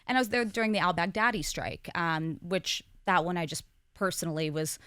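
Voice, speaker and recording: Articulate woman, clear close voice. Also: fairly low pitch, bright, forceful tone, no room sound. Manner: candid and quick, with frequent laughs and fillers. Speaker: co-host and guest. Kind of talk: casual podcast conversation.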